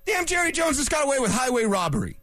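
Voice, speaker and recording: A man's voice: very high-pitched, fast, dry recording. A man hosting a sports talk radio show in a studio, ranting and cracking jokes with rambling asides. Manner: animated, wisecracking, rambling asides.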